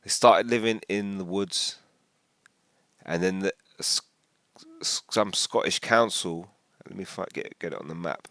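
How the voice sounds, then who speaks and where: A man rambling casually through a commentary video, animated and full of restarts. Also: low voice, a little slow, long pauses, no echo, clean studio sound.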